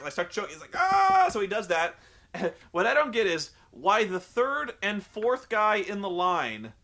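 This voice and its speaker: A man's voice: high-pitched, bright, forceful tone. A young man recapping a wrestling show in a sarcastic, profane, rambling comedic commentary.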